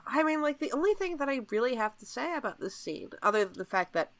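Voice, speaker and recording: A woman's voice: sits high, sing-song, quick pace, fairly bright tone. A woman co-hosting a podcast in casual chat, walking through scenes point by point. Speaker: podcast co-host leading the episode walkthrough.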